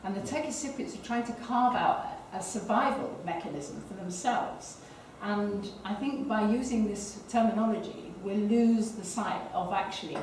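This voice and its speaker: A woman's voice: medium pitch, normal speed, few pauses, darkish tone. Distant woman in an echoey hall. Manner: hesitant, corrects herself mid-sentence. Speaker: audience member asking a question. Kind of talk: seminar question-and-answer discussion. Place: lecture hall. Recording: echoey room picked up from far off, faint hiss.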